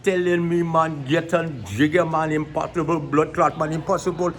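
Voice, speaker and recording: A man's voice: fairly high pitch, fairly even intonation, normal speed, slight background noise, voice pushed up, lightly acted. A man putting on a goofy mock Swedish accent that slides into Jamaican patter, rambling in a singsong way.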